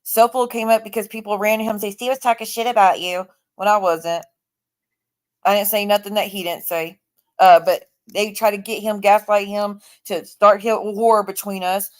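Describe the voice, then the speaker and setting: A woman's voice: medium pitch, fairly even intonation, moderate pace. A woman chatting casually on her livestream, blunt, profane and openly sarcastic.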